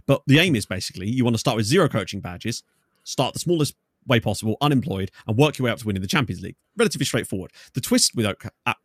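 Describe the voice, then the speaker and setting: A man's voice: medium pitch, very animated, very fast, breathy edge, no room sound, clean studio sound. A man talking as a podcast guest, explaining his game ideas in long, enthusiastic, rambling stretches. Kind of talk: casual podcast chat.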